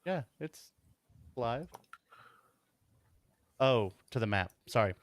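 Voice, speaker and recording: A man running a tabletop game as game master, pausing often and thinking aloud with fillers. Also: mid-range voice, animated, dry recording, clean studio sound.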